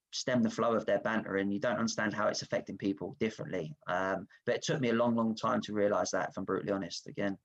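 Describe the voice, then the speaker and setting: With a voice on the low side and lo-fi sound, an ex-footballer appears as a guest on a video call. He recounts stories about himself frankly and self-reflectively, bringing real animation to the anecdotes.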